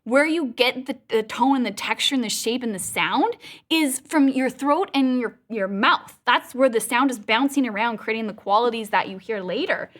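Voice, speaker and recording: A woman's voice: fairly high pitch, normal speed, a bit bright. A woman teaching a live online singing lesson, upbeat and playful, showing exercises with sung sounds over a video call. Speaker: vocal coach.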